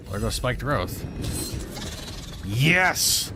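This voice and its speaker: A man hosting a let's play, giving casual gameplay commentary, excitable, swearing and laughing often. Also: fairly high pitch, very slow, vocal fry, long pauses, over music.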